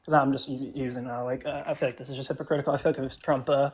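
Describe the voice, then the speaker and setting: A man's voice: mid-range voice, flat delivery, racing, few pauses, darkish tone, breathy edge. A young man, a guest in a live debate, defending his view in a hesitant way, often stumbling and restarting. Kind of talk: casual debate on a call.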